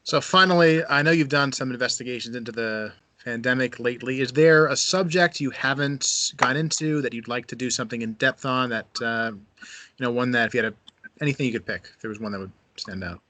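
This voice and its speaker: A man's voice: medium pitch, a little fast, bright, forceful tone, dry recording. A man hosting an interview, asking a question in loose, searching phrasing. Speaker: talk show host.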